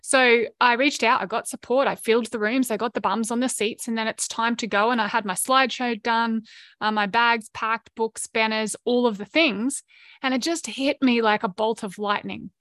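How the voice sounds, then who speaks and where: A middle-aged Australian woman with a slightly high voice tells a personal story as a podcast host. She is earnest and emotionally open and drifts into quick asides. The sound is close and dry, with no room around her. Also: steady tone, fairly bright tone, no echo. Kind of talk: candid personal storytelling monologue.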